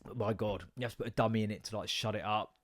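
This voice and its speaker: A man's voice: lowish voice, fairly even intonation, very fast. A man in his thirties hosting a solo comedy podcast, ranting and swearing with self-mocking asides.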